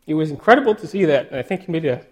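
A male pastor giving a sermon, emotional and choked up, halting with many restarts and fillers. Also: fairly high pitch, expressive, slightly rough.

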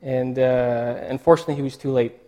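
A male pastor giving a sermon, emotional and choked up, halting with many restarts and fillers. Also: mid-range voice, steady tone, mellow.

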